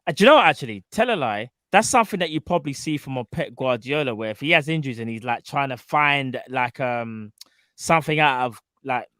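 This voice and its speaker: A man's voice: mid-range voice, lively intonation, brisk, pushed and bright, dry recording. A man co-hosting a casual fan chat show, rambling with many fillers and trailing off. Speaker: co-host.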